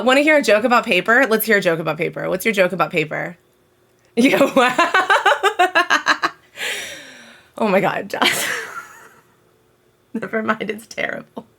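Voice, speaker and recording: A woman livestreams from home, chatting casually and rambling to her viewers while talking directly to chat. Her mid-range voice has some vocal fry and a slightly bright edge.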